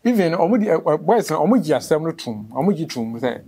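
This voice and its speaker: A Ghanaian man speaking as an interview guest, telling a long story that grows animated and rushed as it goes. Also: a little high, husky. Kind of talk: emotional interview.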